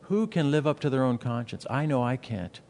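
A man's voice: mid-range voice, animated, a little fast, a little mellow, big-room sound. A man preaching a sermon as a pastor, earnest and emphatic, asking rhetorical questions and repeating words for stress.

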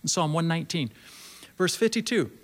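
A male preacher with a slightly higher voice than most men. He delivers his sermon earnestly, circling back to repeat phrases and drawing words out when he wants them to land. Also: expressive, fairly quick.

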